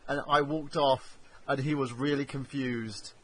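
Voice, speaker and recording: A man hosting a podcast, chatting casually and acting out quotes in animated, swearing stories. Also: medium pitch, a little slow, rough recording. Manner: animated storyteller, acts out quotes, swears freely. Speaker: podcast host. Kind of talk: casual chat. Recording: crowd noise behind.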